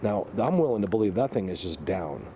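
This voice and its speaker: A man vlogging on a handheld camera outdoors in the woods, rambling excitedly and talking to his viewers. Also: lowish voice, brisk. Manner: excitable, rambling, addresses viewers as you guys. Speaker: Bigfoot hunter vlogger. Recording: noisy outdoor camera audio. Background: birds and outdoor ambience.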